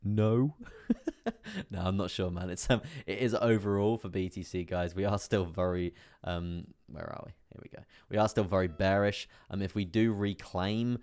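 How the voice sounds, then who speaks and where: A man's voice: low-pitched, fairly even intonation, normal speed, darkish tone. A young man chatting casually on a live stream, commenting on trades with lots of fillers and asides to viewers. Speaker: crypto trading streamer.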